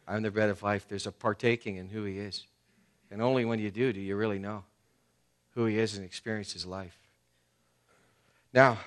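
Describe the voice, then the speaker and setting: A male pastor preaching a sermon in a church. He talks in a conversational way with fillers, swinging between loud emphasis and hushed tones. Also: mid-range voice. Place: church sanctuary.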